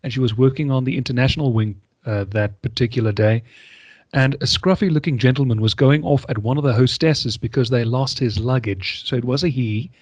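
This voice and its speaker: A man's voice: medium pitch, brisk, a little mellow, dry recording, muffled recording. A man hosting a podcast interview, chatty and enthusiastic, often repeating himself. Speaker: podcast host. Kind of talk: casual interview chat.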